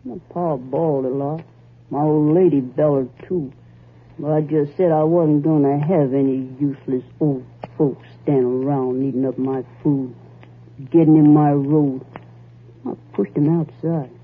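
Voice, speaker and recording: An actress playing a bold, greedy young wife in a 1940s radio drama, with a drawling, taunting rural way of talking, on a tinny old radio broadcast. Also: female voice, low-pitched, fairly even intonation, measured pace, husky.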